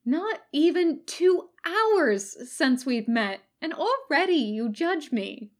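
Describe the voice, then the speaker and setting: A woman reading a young female ninja who jokes and teases, slowly and a bit higher than her narration. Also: sing-song, full character voice. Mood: teasing. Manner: joking, teasing.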